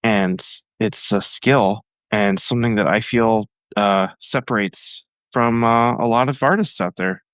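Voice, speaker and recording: A man's voice: fairly low pitch, unhurried, few pauses, fairly bright tone, smooth, no echo, highs cut off. A man talking as a guest on a podcast, enthusiastic and rambling with lots of fillers. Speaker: guest cartoonist. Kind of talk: casual podcast interview.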